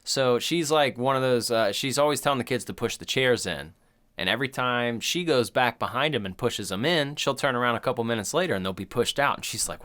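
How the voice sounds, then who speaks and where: A man's voice: medium pitch, animated, brisk, a bit bright. A man in his thirties, co-hosting a podcast, casually retelling a movie in a loose, profane, rambling way. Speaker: podcast co-host. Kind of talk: casual chat.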